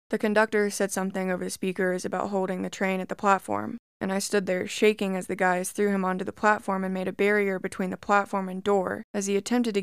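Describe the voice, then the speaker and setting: A woman narrating creepy reddit stories in a steady, measured first-person reading. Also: medium pitch, clear, resonant tone, dry recording, clean studio sound. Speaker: story narrator.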